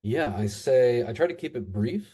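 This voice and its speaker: A man in his thirties from the United States, talking as a podcast guest in a halting, casual way with lots of fillers and restarts. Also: medium pitch, animated, mellow, breathy edge. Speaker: interview guest. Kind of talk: casual conversation.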